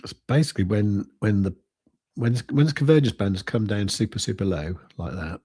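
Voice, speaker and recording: A British crypto trading streamer talks a little fast in an animated, warm, slightly rough lowish voice. He gives casual live commentary over charts, thinking aloud with many fillers.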